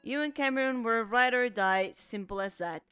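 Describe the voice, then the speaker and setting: A woman reads game narration aloud in a smooth, crisp voice that sits a little high. She stumbles and restarts often as she goes. It sounds dry and close to the mic, with faint music underneath. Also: moderate pace, fairly bright tone, no room sound. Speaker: let's play streamer. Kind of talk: reading a visual novel aloud.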